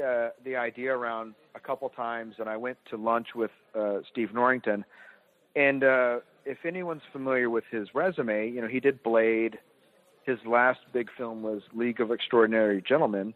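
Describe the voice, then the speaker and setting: A man's voice: mid-range voice, normal speed, dry recording. A man, a filmmaker guest on a podcast, telling a candid, self-deprecating story in casual chat. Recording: tinny phone-like line.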